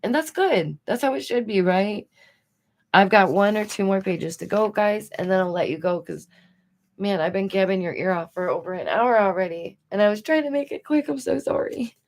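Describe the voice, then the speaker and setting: A woman's voice: mid-range voice, normal speed. Chatty woman streamer talking to her viewers. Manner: animated, rhetorical, talks to her audience. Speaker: commentary streamer. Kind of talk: casual commentary stream.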